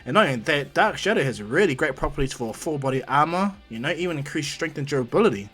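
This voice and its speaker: A man retells a fan story in a loose, rambling way, stopping and restarting often as he goes. His voice sits a little on the high side. Faint music plays underneath. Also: lively intonation, fast talker, fairly bright tone, slightly rough. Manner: rambling, full of fillers and restarts, acting out lines.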